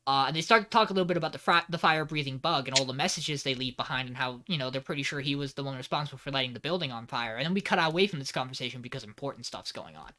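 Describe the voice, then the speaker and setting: A man hosting a podcast, casually recapping anime episodes in an animated, rambling way, swearing freely. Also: fairly high pitch, fast talker. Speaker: podcast host.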